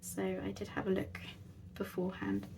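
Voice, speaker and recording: A woman's voice: medium pitch, very animated, normal speed, mellow, slight background noise. A woman hosting a casual craft tutorial, chatting in a rambling, self-deprecating way at her craft table at home. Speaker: crafting channel host.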